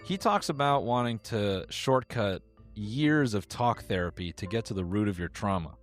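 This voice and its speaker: Guy doing comedy commentary, lowish voice that swings all over, sarcastic asides, faint music under it. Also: expressive, moderate pace. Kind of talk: comedic commentary reading posts aloud.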